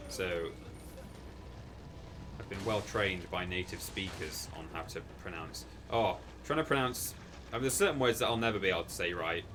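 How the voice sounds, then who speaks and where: A man's voice: low-pitched, moderate pace, noisy background. A man in casual livestream chat, rambling and self-deprecating as he plays and reads chat aloud. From England. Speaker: streamer playing a game.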